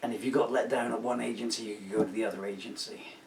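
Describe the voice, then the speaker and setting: Indignant sixty-something man, gravelly and distant. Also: on the low side, steady tone, quick pace, slight background noise. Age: 60s. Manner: rambling, indignant, with many asides and fillers. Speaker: singer-songwriter. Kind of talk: casual spoken talk between songs. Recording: roomy, distant home recording.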